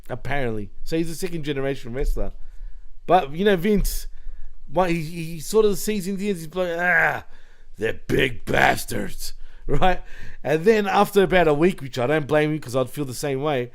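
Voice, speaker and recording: Laid-back man, higher voice. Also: moderate pace, a little mellow. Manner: laid-back, laughs often, says bro and dude. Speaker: podcast co-host. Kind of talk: casual wrestling chat.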